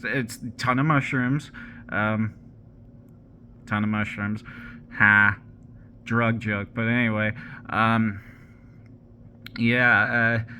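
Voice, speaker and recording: A man's voice: mid-range voice, bright, forceful tone. A man vlogging in a hesitant, rambling way, with many restarts and dry, self-deprecating jokes. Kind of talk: rambling casual commentary.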